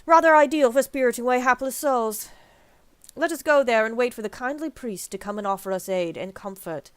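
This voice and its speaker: A woman voicing a suave, smooth-talking male rogue with a posh, wry, theatrical manner in a game. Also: fairly high pitch, a little fast, no echo, pitched above the performer's own voice, close to an everyday voice. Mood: scheming.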